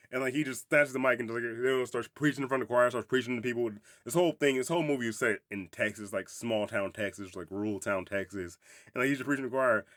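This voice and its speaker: A man's voice: mid-range voice, fairly bright tone, no room sound, clean studio sound. A young adult man hosting a podcast, reviewing a movie in casual, rambling, profane chat, often laughing. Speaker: podcast host.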